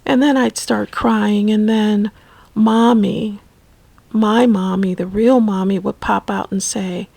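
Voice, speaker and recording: Slow, husky woman telling a memory. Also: medium pitch, fairly even intonation, dry recording, low-quality recording. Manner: slow, halting, soft-spoken. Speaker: memoir narrator. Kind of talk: personal storytelling.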